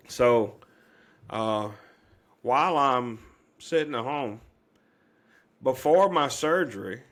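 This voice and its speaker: A man's voice: mid-range voice, a bit bright. A middle-aged man, a podcast guest earnestly telling a long personal story, rambling with many fillers and restarts.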